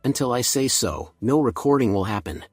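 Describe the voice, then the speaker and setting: A man's voice: medium pitch, animated, fairly quick, a little mellow, no room sound, soft background music. A man voicing a stern, self-serving school principal who snaps at people, in a comic recap. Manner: snapping, dismissive.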